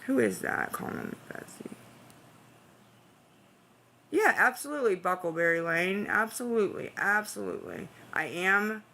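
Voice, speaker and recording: A woman's voice: mid-range voice, lively intonation, moderate pace, vocal fry, pauses often, bright, forceful tone, a little hiss or hum. A tired woman chatting to her live-stream audience, anxious and pleading, rambling with restarts. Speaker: livestreamer talking to chat. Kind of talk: casual live-stream chat.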